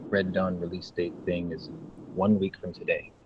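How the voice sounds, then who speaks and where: A very deep-voiced man talks plainly and reads things out during a casual chat among friends. His voice is muffled and lo-fi. There is a faint hiss behind it. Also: flat delivery, normal speed. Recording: dull lo-fi line with faint hiss.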